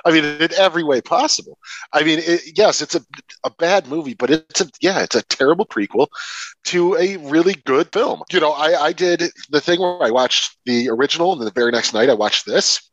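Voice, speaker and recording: A man's voice: a little high, no room sound, lo-fi sound. A young man co-hosting a film podcast, chatting casually and often restarting his sentences. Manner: lively, restarts often, drawn-out emphasis. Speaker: podcast co-host.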